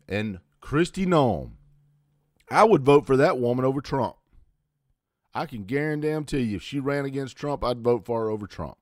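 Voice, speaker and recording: On his own channel, a host in his fifties delivers a blunt, defiant political rant to camera, full of swearing and sarcastic asides. His voice is medium-pitched, and the sound is clean studio quality with no echo.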